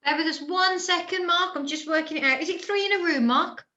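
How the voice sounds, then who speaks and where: Woman helping run a webinar, quick polite replies, bright voice, muffled lo-fi call audio. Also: extremely high pitch. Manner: brief and polite. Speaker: webinar organiser. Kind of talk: casual chat. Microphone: video call. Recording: dull, lo-fi video call audio.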